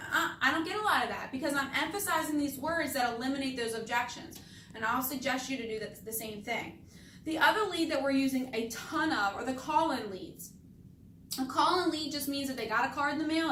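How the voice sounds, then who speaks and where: A woman's voice: high-pitched, fairly bright tone, a little hiss or hum. A woman teaching insurance appointment setting, acting out phone scripts and stressing key words on purpose. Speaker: insurance sales trainer. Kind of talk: training talk with demonstrated phone scripts. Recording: echoey room, voice from a distance.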